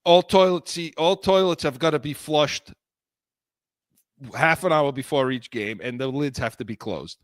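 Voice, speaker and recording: Rambling, lively middle-aged man. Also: fairly high pitch, moderate pace, dry recording, clean studio sound. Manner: rambling, animated storyteller with frequent laughs and restarts. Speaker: podcast co-host. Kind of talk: casual chat.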